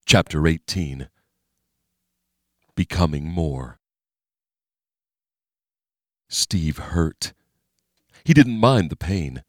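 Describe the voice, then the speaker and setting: A male narrator with a very deep voice, reading in a steady, measured way. He sits close to the mic in a dry, dead room. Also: no room sound. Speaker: audiobook narrator. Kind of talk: scripted narration.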